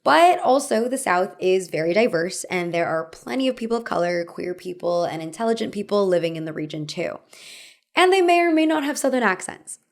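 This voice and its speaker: A woman's voice: mid-range voice, expressive, a little fast. A young woman hosting a video essay, narrating from a script in a conversational, wry way with light humor.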